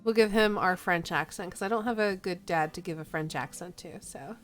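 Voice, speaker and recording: A woman's voice: on the low side, fairly quick, a bit bright, soft background music. A woman streaming a game, chatting playfully, giggling often and reading the story aloud. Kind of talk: let's play commentary and reading.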